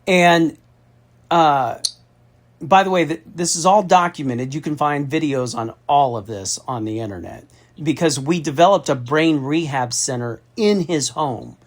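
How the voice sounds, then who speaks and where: A middle-aged man from Austin with a slightly high-pitched voice talks through a long personal story. He is candid and emphatic and swears often, speaking to someone on a phone call. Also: unhurried. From Austin, Texas. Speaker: federal contracting consultant.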